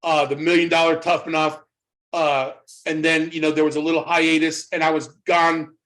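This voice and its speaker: A middle-aged man, a guest in an interview, telling a story in a casual, animated way, often repeating his words as he goes. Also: a little high, moderate pace. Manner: animated retelling, acts out quoted voices, repeats words. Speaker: interview guest, former wrestling trainer.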